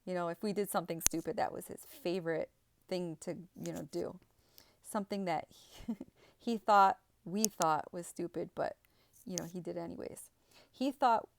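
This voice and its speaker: A young adult woman telling a personal story in a halting way, with many fillers and restarts. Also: lowish voice, gravelly, dry recording. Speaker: spiritual vlogger.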